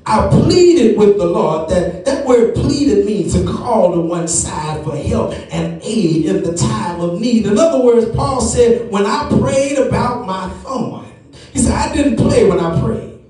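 A man preaching a sermon, stretching his words slowly and rising into chanted, shouted whooping. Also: sits high, expressive, faint music behind. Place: large church sanctuary. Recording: echoey church room, mic far off.

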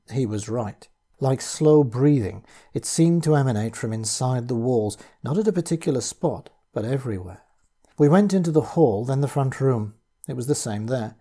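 Husky-voiced man reading a horror story. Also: mid-range voice, animated, moderate pace, dark tone. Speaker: audiobook reader.

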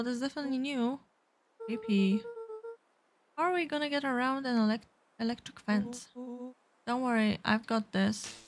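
Slow-talking woman gamer. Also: fairly high pitch. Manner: casual, playful, with fillers. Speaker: let's play gamer. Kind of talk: reading game dialogue aloud.

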